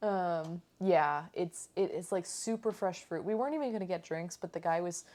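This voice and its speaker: A woman's voice: fairly low pitch, moderate pace, darkish tone. A woman chatting casually in a food vlog, rambling with lots of fillers as she tells a story. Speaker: food vlogger.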